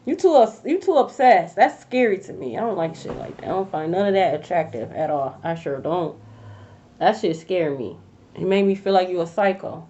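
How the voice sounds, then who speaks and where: A woman's voice: on the low side, moderate pace, highs cut off, slight background noise. A woman doing a casual tarot reading to camera, blunt and profane, full of slang and repeated phrases. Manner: blunt, profane, animated slang-heavy delivery. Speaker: tarot reader.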